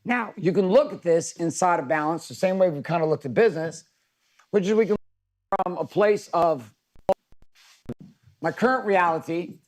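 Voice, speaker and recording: A man's voice: sits high, moderate pace, pauses often. A middle-aged man coaching a live virtual workshop, talking casually, with profanity and stories.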